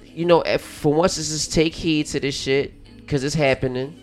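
A man's voice: on the high side, steady tone, moderate pace, faint music behind. A man in a casual discussion, telling things loosely with plenty of fillers. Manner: loose, filler-heavy storytelling.

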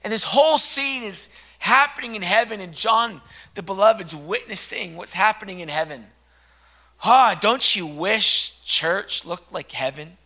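This male preacher delivers a fervent sermon in a very high, bright voice, animated yet measured in pace. His delivery alternates between soft, close-up moments and full-volume shouts.

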